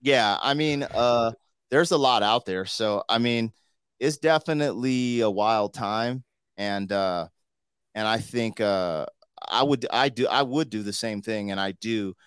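A man's voice: fairly low pitch, measured pace, a bit bright, smooth, no echo, clean studio sound. A man hosting a podcast in loose, slangy casual chat, full of "like" and "you know.". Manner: loose and slangy, full of 'like' and 'you know'. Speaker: podcast host.

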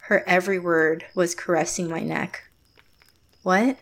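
An actress playing a closed-off, reserved young woman, narrating her story in first person in a quiet, measured way. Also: fairly low pitch, steady tone. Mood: guarded. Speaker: narrator and lead character.

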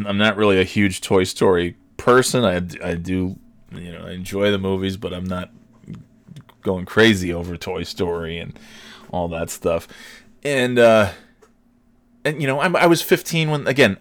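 A man's voice: fairly low pitch, a bit bright. A man in his forties hosting a casual solo talk show, ranting and swearing with sarcastic asides. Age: 40s. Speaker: podcast host.

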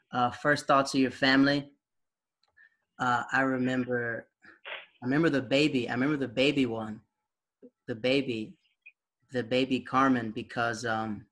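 A man's voice: medium pitch, fairly bright tone. A young adult man sharing memories in casual chat, rambling, with lots of filler words and frequent laughs.

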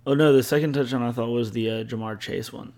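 Laid-back young man with gravelly voice. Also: mid-range voice, fairly even intonation, fast, darkish tone. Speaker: podcast co-host. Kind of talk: casual sports chat.

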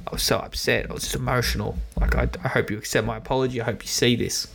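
A man's voice: mid-range voice, steady tone, fast talker, creaky, a bit bright, slight background noise. A man briefly voicing a contrite football star who is apologizing, in a sheepish tone.

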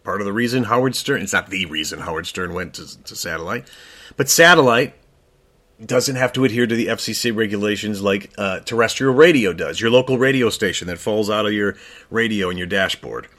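A man co-hosting an opinion talk show in a casual chat, talking emphatically and rising in pitch when he gets worked up. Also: a little fast, a bit bright. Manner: frequent fillers and restarts. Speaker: co-host.

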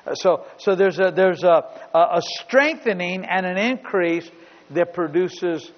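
A man's voice: high-pitched, unhurried. A middle-aged man preaching a sermon as pastor, telling stories emphatically and repeating points. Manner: storytelling, emphatic, repeats himself. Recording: dull recording in a big reverberant hall.

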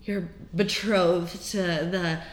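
A woman's voice: on the low side, drawn-out words. A woman co-hosting a podcast, talking casually about a book with many restarts. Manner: hesitant, restarts, relaxed. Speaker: podcast co-host. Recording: echoey room.

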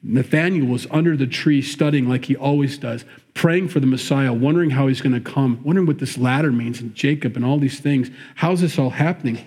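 A man's voice: mid-range voice, a little fast, few pauses, darkish tone, husky. A man preaching a sermon, mixing Bible reading with wry, joking asides and acting out the quoted lines. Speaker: pastor.

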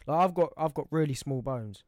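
A man's voice: fairly high pitch, animated, fairly quick, darkish tone, no echo, clean studio sound. A young man, bantering bluntly and swearing freely as a podcast co-host. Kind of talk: casual chat.

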